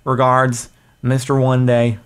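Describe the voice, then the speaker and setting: A man's voice: mid-range voice, completely flat delivery, clean tone, close to an everyday voice. A man doing a dramatic old-west letter reader. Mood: grave, urgent. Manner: slow, dramatic, letter-reading voice. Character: earnest man reading an urgent railroad letter.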